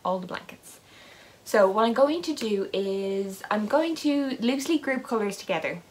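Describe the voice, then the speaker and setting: A woman's voice: medium pitch, expressive, normal speed, a little mellow. A woman who hosts a knitting podcast, talking in a casual, rambling vlog with self-deprecating asides as she unboxes advent yarn. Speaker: knitting vlogger and podcast host.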